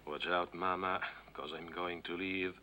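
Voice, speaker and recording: A man's voice: low-pitched, steady tone, measured pace. An actor playing a sardonic grown son who talks back dryly to his mother, in a dubbed film. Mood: defiant. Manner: dry, sardonic. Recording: noisy film soundtrack.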